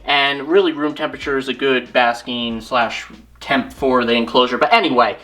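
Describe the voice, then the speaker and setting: Low-voiced woman giving a chatty demo. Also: steady tone, normal speed, a bit bright. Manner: chatty, thinks aloud, corrects herself. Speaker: reptile keeper and channel host. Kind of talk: casual hands-on demonstration.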